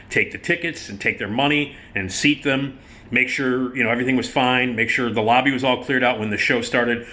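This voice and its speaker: Dude telling a crude theater story, bright voice, mid pitch, laughing a lot. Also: male voice. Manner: profane, animated, laughing storyteller. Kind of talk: casual anecdote telling.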